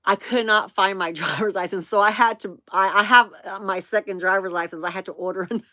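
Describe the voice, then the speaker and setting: Bright-voiced chatty woman in her fifties. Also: medium pitch, steady tone, fairly quick, no room sound. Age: 50s. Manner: chatty, laughs often, addresses viewers as "y'all". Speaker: vlog host. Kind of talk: casual storytelling to viewers.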